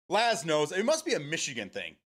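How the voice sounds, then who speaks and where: Male stream host, casual, profane and rambling, with a lively up-and-down pitch. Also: slightly rough. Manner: rambling, swears freely, answers chat. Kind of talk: casual chat with stream viewers.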